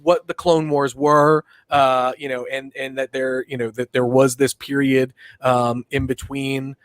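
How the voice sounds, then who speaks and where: A man's voice: medium pitch, little pitch movement, a little slow, no room sound. A man co-hosting a pop-culture podcast, talking casually and rambling with lots of fillers and restarts. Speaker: podcast co-host.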